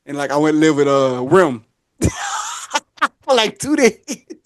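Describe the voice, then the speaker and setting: Speaking slowly in a higher-pitched voice, a male podcast host tells a long story in relaxed conversation. The studio-quality recording has no echo, and he laughs a lot while animatedly voicing the people he quotes.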